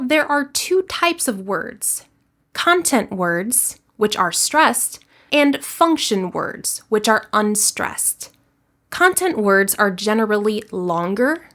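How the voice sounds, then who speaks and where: A woman with an American accent, an English teacher giving a scripted lesson with clear, deliberate explanations. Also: on the high side, a bit bright.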